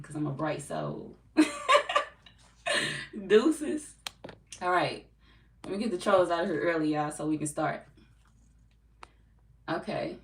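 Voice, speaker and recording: A woman from St. Louis with a local accent, a tarot reader chatting casually and bluntly with her live chat, cursing and laughing often. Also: fairly low pitch. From St. Louis, US Midwest. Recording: echoey room, distant mic, faint noise.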